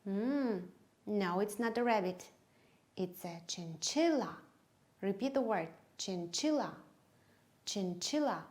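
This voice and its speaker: A woman, a native Kyrgyz speaker, demonstrates an English lesson for teachers. She talks at an unhurried, deliberate pace and drills each word with clear, emphatic stress. Her voice sits at an ordinary middle pitch. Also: lively intonation, darkish tone.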